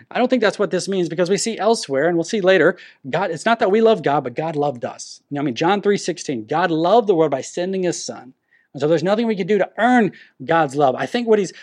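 A man's voice: on the high side, a little mellow. A man preaching a sermon, teaching verse by verse with emphatic stresses and frequent restarts. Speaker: pastor.

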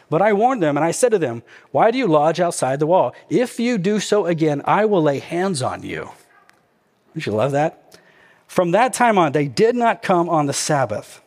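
A man preaching a sermon as pastor, animated and jokey, acting out asides. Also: a little high, slightly rough, big-room sound.

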